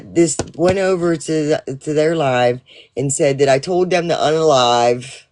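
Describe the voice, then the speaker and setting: A man's voice: mid-range voice, a little mellow. A man telling a rambling, profane story to his livestream audience in a casual way, full of fillers and restarts. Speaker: livestream host.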